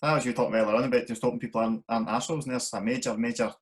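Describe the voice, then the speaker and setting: A Scottish man hosting a relaxed interview, with a mid-range voice. He speaks quickly and mostly answers with brief agreeing replies. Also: medium pitch, husky. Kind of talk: casual interview.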